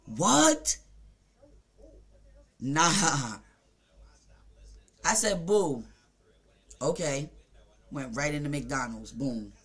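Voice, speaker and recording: Jamaican streamer, mid-pitched, blunt and profane storytime rant, rambling with fillers. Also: extremely slow, pauses often, a bit bright, slightly rough. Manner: mimics other people in short quoted asides.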